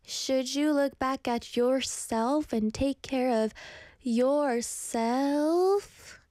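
Young woman host, chatty storyteller, slightly high voice, dry close sound. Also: fairly even intonation, slow, a little mellow, no echo. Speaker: streamer reading chat messages. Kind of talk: casual chat, reading comments aloud.

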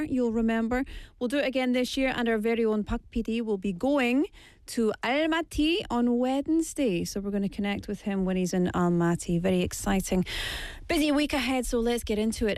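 A woman's voice: fairly high pitch, a little mellow, no room sound, clean studio sound. A woman hosting a radio show, chatting playfully and mixing in Korean phrases. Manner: chatty, playful, switching between English and Korean. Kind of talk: casual radio talk. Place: radio studio. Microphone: studio microphone.

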